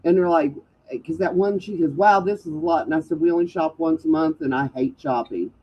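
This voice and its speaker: A woman's voice: deep voice, expressive, a little fast, slightly rough. A woman chatting casually, rambling and restarting her sentences. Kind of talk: casual chat. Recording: slightly dull stream audio.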